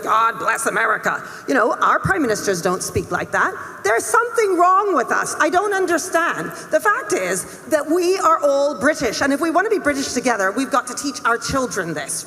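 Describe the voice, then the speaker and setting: A woman's voice: fairly high pitch, fairly bright tone. A middle-aged woman, a head teacher, giving an emphatic, earnest speech to a summit audience in a conference hall. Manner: emphatic, earnest, with laughs and restarts. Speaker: head teacher speaking on a panel. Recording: long echo of a large hall.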